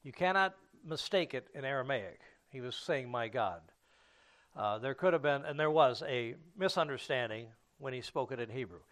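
A man preaching a sermon, teaching from scripture in an unhurried way with frequent fillers and restarts. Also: mid-range voice, animated, a bit bright.

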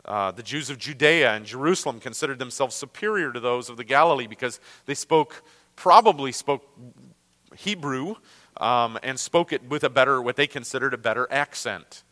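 Bright-voiced Great Lakes man teaching scripture. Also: medium pitch, normal speed, big-room sound. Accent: Great Lakes American. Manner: conversational, with frequent fillers and restarts. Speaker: Bible teacher. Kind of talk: Bible lesson.

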